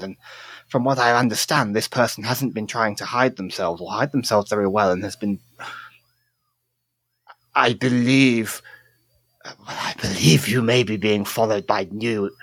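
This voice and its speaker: A man's voice: fairly low pitch, a bit bright, slightly rough, dry recording, full character voice. A man playing a rambling, fussy halfling scholar. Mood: earnest. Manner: rambling, stammering, formal.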